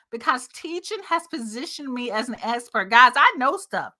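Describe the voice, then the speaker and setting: Upbeat woman coach, high bright voice, chatty, speaks straight to viewers. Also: lively intonation, normal speed, hardly any pauses. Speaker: marketing coach. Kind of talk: casual talking-head video.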